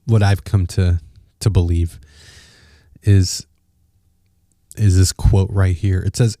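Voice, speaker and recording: A man's voice: low-pitched, fairly even intonation, slow pace, pauses often, dark tone, no room sound, clean studio sound. A man hosting a solo opinion podcast, talking conversationally and restarting phrases as he thinks aloud. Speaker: podcast host.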